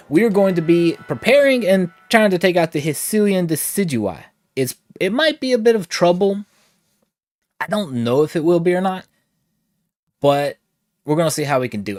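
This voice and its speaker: A man's voice: fairly high pitch, no echo, clean studio sound. Chatty man streaming a game, short of breath. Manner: chatty, reads chat aloud, playful asides. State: a little short of breath from allergies. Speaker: gaming streamer. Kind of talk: casual livestream chat.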